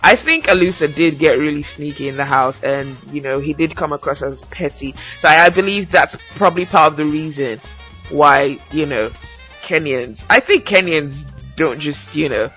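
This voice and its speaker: Bright, chatty woman podcaster. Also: low-pitched, moderate pace, faint music behind, low-quality recording. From Nigeria. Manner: lively, chatty, laughs a lot. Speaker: podcast host. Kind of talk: casual solo podcast chat, reading fan tweets.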